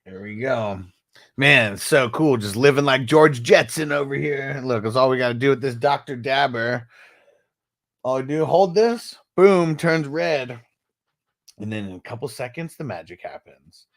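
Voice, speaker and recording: A man's voice: mid-range voice, animated, moderate pace, fairly bright tone. Chill slangy dude chatting on his stream, coughs here and there. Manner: laid-back, slangy, coughing between dabs. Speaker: livestream host. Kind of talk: casual livestream chat reading comments.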